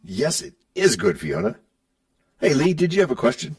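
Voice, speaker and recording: A man's voice: a little high, moderate pace, vocal fry, recorded from a distance, soft background music. A man hosting a podcast, bantering in a playful, teasing way. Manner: playful, teasing, lively delivery. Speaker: podcast host.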